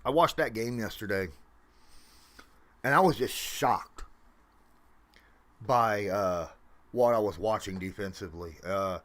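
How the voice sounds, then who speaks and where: A man's voice: unhurried, pauses often. Rambling man hosting a home livestream. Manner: rambling, many fillers, animated swings in pitch and volume. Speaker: livestream host. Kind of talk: casual livestream chat.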